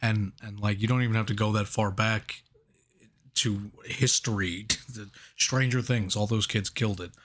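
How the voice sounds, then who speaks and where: A man's voice: fairly low pitch, fairly even intonation, moderate pace, a bit bright. A man chatting loosely on a movie review podcast. He laughs a lot and circles back on his sentences as he works his point out. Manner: laughs often, rambling with restarts. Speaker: podcast co-host. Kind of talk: casual movie review chat.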